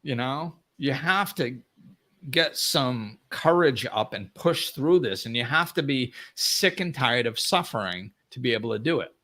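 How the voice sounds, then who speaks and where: A man's voice: medium pitch, lively intonation, unhurried, bright, forceful tone. A middle-aged man hosting a live spiritual talk, blunt and emphatic, acting out the voices of people he quotes. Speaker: spiritual teacher, host.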